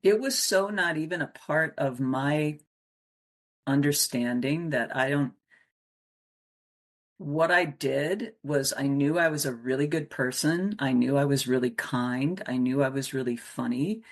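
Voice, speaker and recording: A middle-aged coach from Wisconsin, USA, appears as an interview guest, telling stories from her life in conversation. She's an animated storyteller who acts out the voices of the people involved, speaking in a very deep voice at a measured pace.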